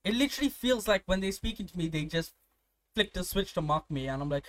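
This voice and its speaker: A man's voice: high voice, animated, quick pace, fairly bright tone. A young man from India chatting casually, swearing freely and telling stories with laughter. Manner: profane, storytelling, laughs often. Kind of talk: casual chat.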